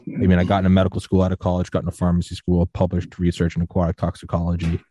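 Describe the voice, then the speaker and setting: A man in his twenties hosting a podcast interview, telling rambling stories and quoting others in lively voices. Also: sits low, very fast, slight background noise. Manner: rambling storyteller, quotes others in animated voices. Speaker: podcast host. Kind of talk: casual interview chat.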